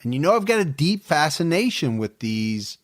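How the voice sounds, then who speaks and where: A man's voice: a little high, big pitch swings, moderate pace. Easygoing man co-hosting a podcast. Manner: easygoing, teasing, laughs often. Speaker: podcast co-host. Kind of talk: casual true crime podcast chat.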